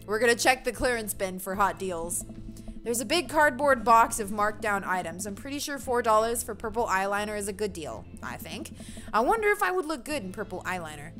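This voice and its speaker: A woman's voice: medium pitch, very animated, a little fast, a bit bright, soft background music. A woman giving chatty, giggly let's play commentary and reading game text aloud. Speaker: game streamer.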